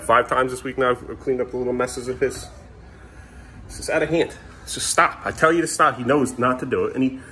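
A man's voice: medium pitch, a bit bright, slight background noise. A man in a casual vlog, scolding in an exasperated way and repeating the same stern words over and over. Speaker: vlogger.

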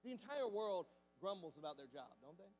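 High-voiced preacher in a reverberant church. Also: male voice, big pitch swings, brisk, a little mellow, a little hiss or hum. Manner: conversational preaching with rhetorical questions. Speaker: pastor. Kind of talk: sermon. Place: church sanctuary.

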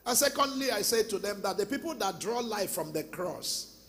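A man with a Nigerian accent preaching a sermon as pastor, telling stories and breaking into shouts. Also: high-pitched, animated, moderate pace. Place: large church hall. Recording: long church hall reverb.

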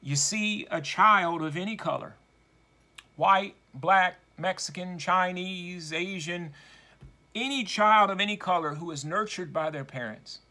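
A man preaching a sermon, slow and deliberate, leaning hard on key words for emphasis. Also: high voice, sharp tone.

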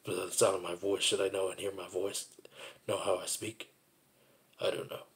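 A man's voice: low-pitched, little pitch movement, normal speed. A man telling a personal story in a rambling, repetitive, reflective monologue.

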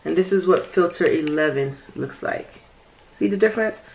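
Woman, beauty vlogger, chatty makeup talk, gravelly fry. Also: fairly low pitch, expressive, normal speed, noisy background. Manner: chatty, drops to whispers at times. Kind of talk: casual makeup tutorial chat.

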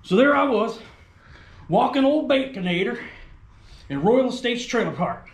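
A man with a high, bouncy voice tells a rambling, crude and folksy comic story as he shows off his RC truck. His voice rings in a roomy, echoey space, and his pitch swings up and down as he talks. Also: very animated, normal speed, slight background noise. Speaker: RC hobby video host. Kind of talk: comedic rural character monologue.

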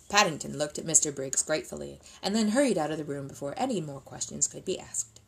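A woman reading a children's book aloud in an expressive, lilting way. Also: low voice, fast talker, gravelly, hardly any pauses, poor audio. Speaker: reader.

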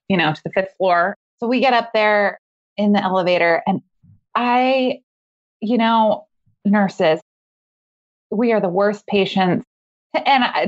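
As a guest on a podcast, a woman with a medium-pitched voice tells a personal story in a casual, lively way, laughing often. The audio sounds dull.

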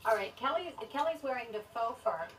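A woman's voice: a little high, lively intonation, a little fast, a little hiss or hum. A woman presenting a live fashion segment who fusses over a model and calls her darling. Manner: fussing, affectionate. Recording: distant mic with a loud crowd.

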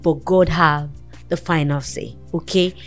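A woman's voice: deep voice, steady tone, a little slow, soft background music. Earnest woman counselling. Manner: earnest, motherly, preaching encouragement. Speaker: talk show host. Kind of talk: counselling a guest on a talk show.

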